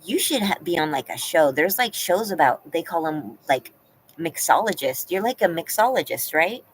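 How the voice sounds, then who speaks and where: A woman's voice: lowish voice, big pitch swings, normal speed, a little hiss or hum, low-quality recording. A woman hosting a live stream from home, chatting casually and answering her viewers by name. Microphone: laptop.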